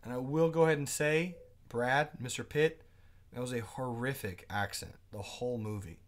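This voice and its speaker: A man teaching a live day trading class, chatting casually, asking his viewers quick questions and reading out their comments. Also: medium pitch. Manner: asks quick questions to the audience.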